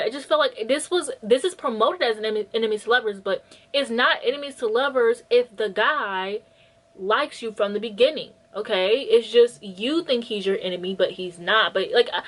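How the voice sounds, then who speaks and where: A woman's voice: medium pitch, fairly bright tone, rough recording. A woman chatting casually about books she read, retelling plots bluntly with lots of filler words and mock quotes of the characters. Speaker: book vlogger. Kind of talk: casual chat, book review.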